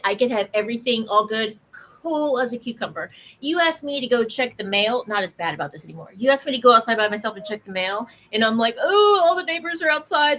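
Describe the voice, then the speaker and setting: Animated woman telling stories, high voice. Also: low-quality recording. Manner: animated storyteller, acts out voices. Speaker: podcast co-host. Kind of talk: casual chat.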